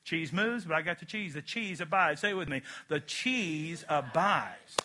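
A man preaching with a high, very bright and ringing voice. He is emphatic and animated, and he acts out little scenes as he goes. The delivery is a full sermon. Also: fast. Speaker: pastor.

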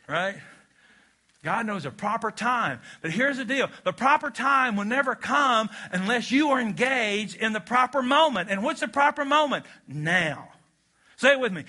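A man's voice: sits high, animated, measured pace, sharp tone. A man preaching a sermon with emphatic, repeated phrases and call-and-response, ending by leading a prayer. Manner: leads a closing prayer. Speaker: pastor.

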